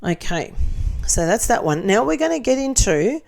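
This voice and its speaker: A woman's voice: fairly high pitch, big pitch swings, normal speed, vocal fry, darkish tone. A middle-aged Australian woman hosting a casual commentary chat, reading viewer comments aloud with blunt, sarcastic, laughing asides.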